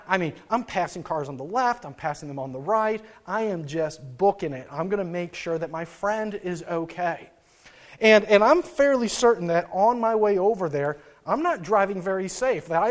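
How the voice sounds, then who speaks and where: A man giving a sermon, telling a personal story and retelling scripture in an earnest way, with frequent restarts and fillers. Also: high-pitched. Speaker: preacher.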